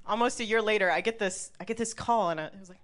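A woman's voice: mid-range voice, fast. Chatty woman telling a story. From Milwaukee, Wisconsin, USA. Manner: chatty, lots of "like", swears, laughs often. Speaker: storyteller at a live event. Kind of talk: personal story told to an audience.

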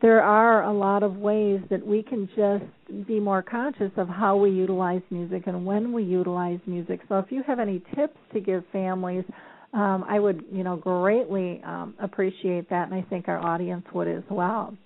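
A woman's voice: medium pitch, steady tone, moderate pace. A woman hosting an interview, encouraging her guest with loose, rambling phrasing and repeated "you know". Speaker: host. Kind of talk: conversational interview over the phone. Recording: tinny phone line.

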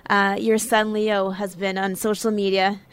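A woman interviewer asking measured, gentle questions. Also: mid-range voice, level tone, clear, resonant tone.

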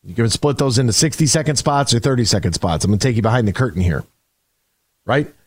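A man's voice: mid-range voice, quick pace, slightly rough, no echo, studio quality. A man hosting a sports radio show in a casual, emphatic style, often restarting his sentences. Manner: conversational, emphatic, frequent restarts.

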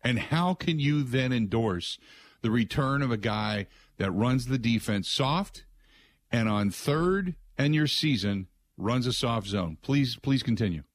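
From a studio, this sports talk radio host argues in an animated, rhetorical style, ridiculing the answers he anticipates. He has a medium-pitched, unhurried voice, recorded with no room sound.

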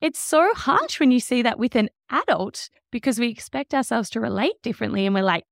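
A woman in her thirties hosting a casual parenting podcast, chatty and animated, acting out the voices she quotes. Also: a little high, brisk, gravelly, hardly any pauses, dry recording, studio quality. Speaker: podcast host.

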